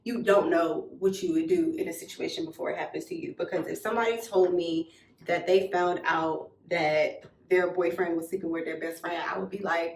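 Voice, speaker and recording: A young woman telling a personal story in a casual, animated way, blunt and swearing freely. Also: lowish voice, moderate pace, distant mic, a little hiss or hum. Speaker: storytime vlogger. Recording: roomy echo, a little off mic.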